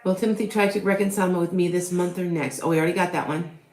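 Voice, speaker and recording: Middle-aged female psychic, rambling and chatty, low voice, reverberant room. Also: steady tone, fast talker, darkish tone. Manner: rambling, chatty, many fillers and restarts. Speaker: tarot reader and psychic medium. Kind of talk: live tarot reading with viewer questions. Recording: echoey room.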